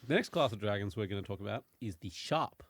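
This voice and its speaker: A man's voice: on the low side, lively intonation, fast, no echo. Give me a casual male podcast host reading notes. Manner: reads notes with many fillers, laughs easily. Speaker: podcast host presenting dragon lore.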